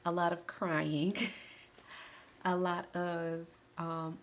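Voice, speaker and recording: A woman's voice: lowish voice, little pitch movement, extremely slow, pauses often, a little hiss or hum. A woman, chatting casually and emotionally in a vlog from her home office, recorded by a camera on a tripod. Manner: chatty and emotional, with laughs and restarts. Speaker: vlogger.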